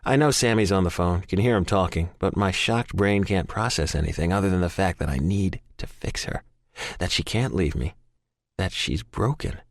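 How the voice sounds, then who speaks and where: A man's voice: deep voice, normal speed, no room sound, clean studio sound. A man narrating a first-person audiobook in an intense, emotional way. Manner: intense, emotional, frequent swearing.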